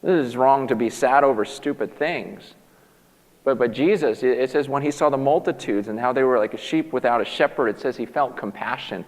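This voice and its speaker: A man preaching a sermon as a pastor, emphatic and animated, often restarting his sentences. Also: medium pitch, a little fast. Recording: long hall reverb.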